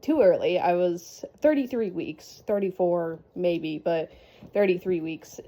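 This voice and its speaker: Chatty young woman, mellow voice. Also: on the low side, a little slow, a little hiss or hum. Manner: chatty, rambling, fillers and laughs. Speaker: vlogger. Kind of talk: casual storytelling.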